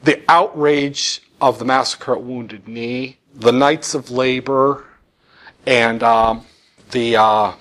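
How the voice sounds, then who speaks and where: A man's voice: medium pitch, steady tone, slow, a bit bright. A man teaching a history lecture, talking animatedly with sarcastic asides.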